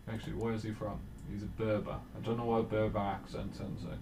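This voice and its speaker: Mellow-voiced man thinking aloud over gameplay. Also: fairly low pitch, fast talker, vocal fry, hardly any pauses, reverberant. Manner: thinking aloud, relaxed and musing. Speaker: let's play host. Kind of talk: casual gameplay commentary.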